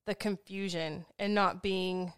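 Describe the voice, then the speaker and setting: A woman's voice: lowish voice, steady tone, slow pace, fairly bright tone, clean tone, no room sound, studio quality. A woman co-hosting a podcast, speaking candidly and from the heart about raising her children. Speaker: podcast co-host. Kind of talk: casual conversation.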